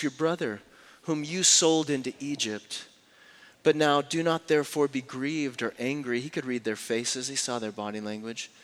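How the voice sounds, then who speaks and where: Animated preacher in a reverberant hall. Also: male voice, fairly high pitch. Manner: expressive storytelling preacher, shifts from hushed to animated. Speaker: pastor. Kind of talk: sermon.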